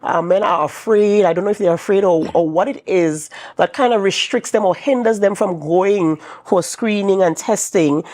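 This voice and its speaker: A woman's voice: medium pitch, moderate pace, few pauses, darkish tone. A woman with a Trinidad and Tobago accent hosting a morning talk show, speaking in a conversational, affirming way.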